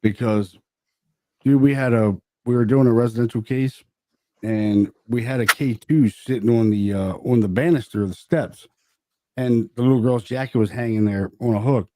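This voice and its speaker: A man co-hosting a podcast, telling stories in animated, profane casual chat. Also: medium pitch, normal speed, dry recording. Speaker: podcast co-host.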